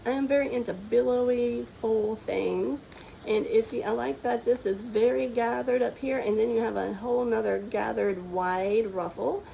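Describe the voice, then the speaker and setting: A woman's voice: a little high, vocal fry, mellow, slight background noise, low-quality recording. A woman chatting casually in a sewing vlog, enthusiastic and rambling, with frequent ums and restarts. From Texas. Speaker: sewing vlogger. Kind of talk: casual show-and-tell chat.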